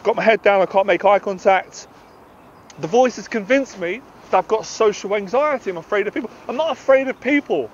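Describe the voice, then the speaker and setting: A man's voice: high voice, brisk, muffled recording, a little hiss or hum. A British man, a confidence coach, giving a passionate, emphatic motivational talk to camera outdoors.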